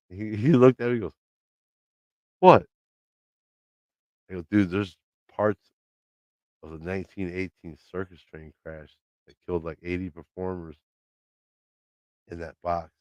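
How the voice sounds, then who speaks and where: A man with a very low, smooth voice chats on a live stream from his home. He tells a story loosely, swears freely and acts out what people said. The sound is close and dry but a bit dull. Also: moderate pace, pauses often, no echo. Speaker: livestream host. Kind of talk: casual live-stream chat. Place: home, by his laundry room.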